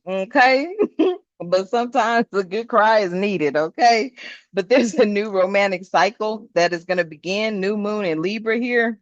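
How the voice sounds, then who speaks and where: A woman's voice: fairly high pitch, animated, takes it slowly, pauses often, no room sound. A woman doing a tarot reading in a casual chat, laughing often and swearing freely in slangy speech. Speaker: tarot reader. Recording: dull, slightly lo-fi sound.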